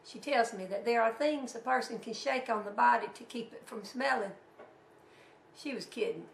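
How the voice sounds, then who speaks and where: Raspy Southern woman telling folksy stories. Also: a little high, a bit bright, reverberant, a little hiss or hum. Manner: folksy, wry. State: hoarse. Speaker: radio host. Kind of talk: humorous radio storytelling.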